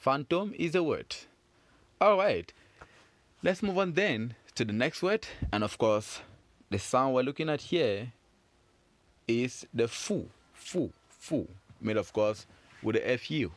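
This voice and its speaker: A man teaching children French phonics, patient and encouraging as he repeats each sound. He speaks slowly with a very lively, rising-and-falling pitch. The recording is dry and close. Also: no echo. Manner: slow, patient, encouraging, drawn-out repetitions.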